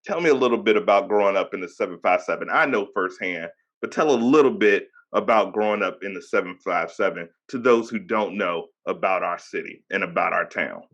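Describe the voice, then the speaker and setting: A man in his thirties hosts a casual podcast and talks with a low, grounded voice. He has a Hampton Roads Virginia accent and keeps things upbeat and chatty, hyping up his guest. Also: a little fast, few pauses, fairly bright tone, muffled recording. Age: 30s. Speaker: podcast host.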